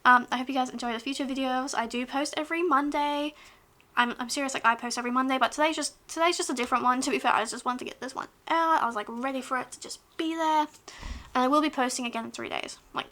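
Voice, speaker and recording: A woman vlogger chatting casually to camera, rambling with many fillers and restarts, sometimes dropping to a soft whisper. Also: high voice, fast. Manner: drops to a soft whisper at times.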